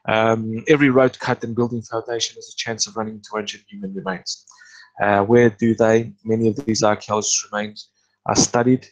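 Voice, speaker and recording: A man hosting a casual archaeology talk, reading from an article with many pauses, restarts and wry asides. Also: fairly low pitch, low-quality recording. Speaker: podcast host discussing archaeology.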